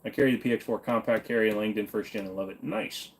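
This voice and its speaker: A man's voice: medium pitch, fast, hardly any pauses. A young man from Virginia hosting a casual livestream, reading viewer comments and answering them bluntly and off the cuff, swearing now and then. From Virginia, USA. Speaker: livestream host.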